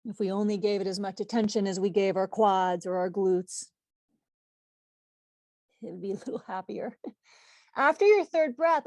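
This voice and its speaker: A woman teaching a live online yoga class, giving calm, steady cues over a video call. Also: medium pitch, dry recording. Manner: calm cueing with self-correcting laughs.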